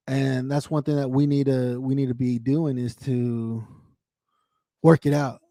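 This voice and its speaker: Hosting his own livestream, a man chats candidly and emotionally, swearing freely, repeating himself, and addressing viewers by name. His medium-pitched voice is warm but flat, at a measured pace, recorded in clean studio sound with no echo.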